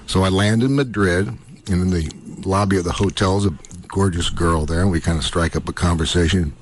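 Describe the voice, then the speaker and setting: A middle-aged actor being interviewed on the radio, telling animated stories full of laughter and acted-out quotes. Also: male voice, low-pitched, brisk, slight background noise. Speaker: guest actor.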